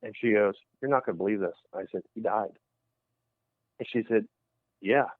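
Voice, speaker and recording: Over a tinny, dry phone connection with no room sound, a fairly low-voiced man talks at normal speed. He's a paranormal investigator telling a story on a radio interview, animatedly performing the voices of the people involved.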